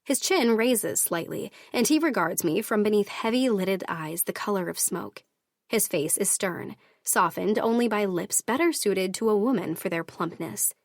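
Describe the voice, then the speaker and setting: Woman audiobook narrator, first-person romance, measured and steady, dead-dry booth. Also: medium pitch, dry recording.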